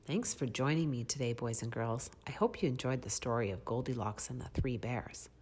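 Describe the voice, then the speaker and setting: A woman reading a picture book aloud to children in a soft, breathy, expressive way, pausing to ask them questions. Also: very deep voice. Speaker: children's storyteller.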